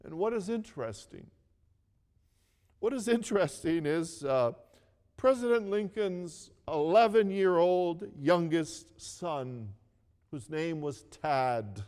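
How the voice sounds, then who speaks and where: Slow, earnest male preacher with reverb. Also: a little high, lively intonation, a little mellow, smooth. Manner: earnest storytelling, repeats phrases, asks the listeners to read along. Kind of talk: sermon.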